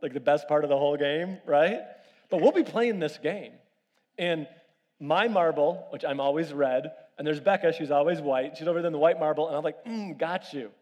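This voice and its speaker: A man with a fairly high voice delivers a sermon, jumping between animated family anecdotes and quieter appeals to the congregation. His voice carries a long hall reverb, as if recorded in a large church. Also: brisk. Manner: animated storytelling with audience questions. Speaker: pastor.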